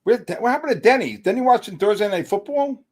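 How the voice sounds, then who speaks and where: A middle-aged man hosting a live futures trading stream, with excitable commentary, loud outbursts and joking exasperation. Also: sits high, fast talker.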